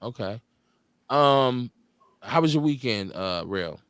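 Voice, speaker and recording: A man's voice: medium pitch, lively intonation, slow pace, fairly bright tone, clear, resonant tone, dry recording. A man hosting a live talk show, joking, streetwise and profane in casual banter. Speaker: host.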